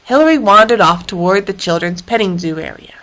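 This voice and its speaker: A woman reading a children's animal story aloud in a lively, expressive way. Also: medium pitch, brisk, low-quality recording.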